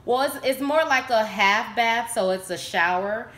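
At home, a woman chats casually to the camera, showing off her shopping haul and getting excited about bargains as she calls her viewers y'all. Her voice is fairly high and her pace measured, with a roomy sound.

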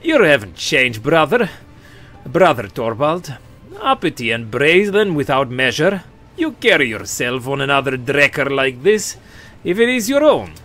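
A man voicing a mocking male space wolf warrior in a video game, trying out a Scottish accent in a loud, raised voice. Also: mid-range voice, very animated, unhurried, faint music behind, voice pushed up. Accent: attempted Scottish.

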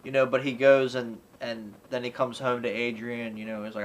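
A man talks through his thoughts on an old favorite film in a loose, rambling way. His voice sits at a middling pitch, and his sentences keep looping back through "you know" and "like" as he acts out bits of dialogue. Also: flat delivery, moderate pace, few pauses, a little hiss or hum, poor audio. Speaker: movie reviewer. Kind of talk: casual spoken film review.

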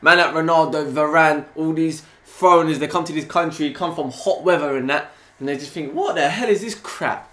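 A young man with a London accent reacting to a football match live, excitable and full of slang, yelling at the players. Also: a little high, normal speed, reverberant. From England. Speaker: football fan reaction channel host. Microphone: desktop USB mic.

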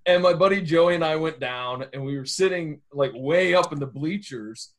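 Man, podcast co-host, casual banter, high voice, playful and sheepish. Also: normal speed. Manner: sheepish, jokey confessional banter. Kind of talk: casual chat.

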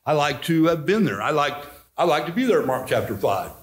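A middle-aged man, a pastor teaching Bible study in a folksy, animated way, acting out quotes. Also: a little high, brisk.

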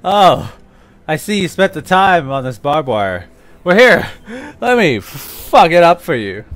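A young man gaming with a friend, talking crude and profane, often laughing and shouting. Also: on the high side, very animated, measured pace. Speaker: gamer. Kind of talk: casual gameplay chat.

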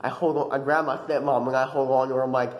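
A young man vlogging, telling a dream story in a casual, animated way with lots of fillers. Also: mid-range voice, fast talker, reverberant, low-quality recording. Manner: animated, dramatic retelling with many fillers.

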